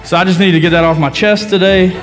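A man's voice: high voice, fast, faint music behind. A man co-hosting a casual chat, telling a story and acting out the people in it. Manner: animated storyteller, acts out quoted people. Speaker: podcast co-host.

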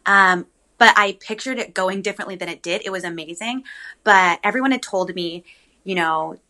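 Bright-voiced young woman telling a story. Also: mid-range voice, moderate pace. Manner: chatty, animated, frequent ums and likes. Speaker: guest. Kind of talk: casual interview storytelling.

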